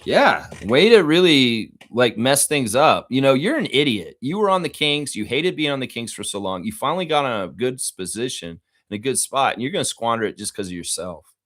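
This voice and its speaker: A man's voice: mid-range voice, big pitch swings, quick pace, fairly bright tone. A man with a profane, heated manner, hosting a live reaction stream and reading out viewer comments. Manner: reads viewer comments aloud.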